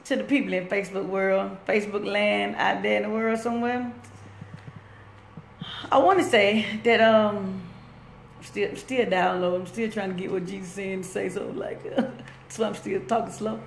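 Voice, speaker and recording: A woman's voice: medium pitch, fairly even intonation, normal speed, vocal fry. A woman giving a casual motivational talk on a phone live stream from her workplace, rambling and conversational. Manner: rambling, loose and conversational, breaks off to greet viewers. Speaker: inspirational speaker on a live stream. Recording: echoey room with faint background noise.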